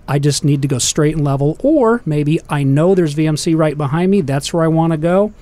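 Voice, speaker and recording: A man explaining aviation safety in a calm, steady manner during a casual panel talk. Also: a little high, fairly quick.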